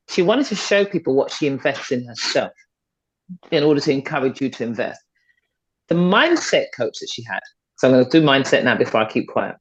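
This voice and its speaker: Emphatic middle-aged woman, husky-toned. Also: very deep voice. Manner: emphatic and persuasive, repeats points for stress. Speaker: guest, fitness and confidence coach. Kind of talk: motivational conversational talk. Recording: dull, slightly lo-fi podcast audio.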